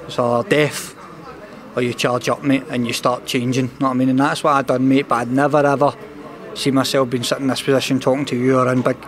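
A young Scottish boxer with a thick Glasgow accent gives a candid interview, earnest and open, his medium-pitched words tumbling out rapidly in a fairly level, even tone. He tags nearly every line with "mate" and "know what I mean."

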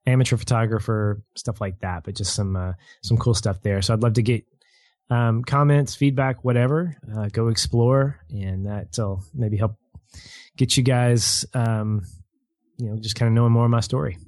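A man's voice: medium pitch, steady tone, normal speed, a little mellow, no echo. Rambling man chatting as a podcast guest. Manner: rambling, restarts, laughs easily. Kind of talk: casual film podcast chat.

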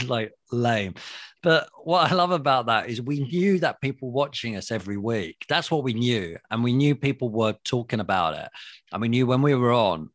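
A middle-aged man with a London accent, a guest telling TV stories in a lively way, laughing and swearing freely. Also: mid-range voice, no room sound, clean studio sound. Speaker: guest, former TV presenter. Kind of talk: casual reminiscing chat.

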